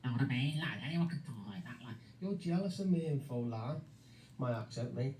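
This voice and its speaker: A man's voice: medium pitch, animated, fairly quick, darkish tone, reverberant, slight background noise, poor audio. A man with a Scouse accent in a heated casual voice chat, mocking and sweary, tagging lines with "lad" and "mate". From Liverpool, England. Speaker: voice chat participant.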